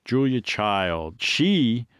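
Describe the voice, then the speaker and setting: A man's voice: medium pitch, big pitch swings, drawn-out words, fairly bright tone, smooth, dry recording. A man co-hosting a talk show, laying out facts and figures with dry, joking asides. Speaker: radio show co-host.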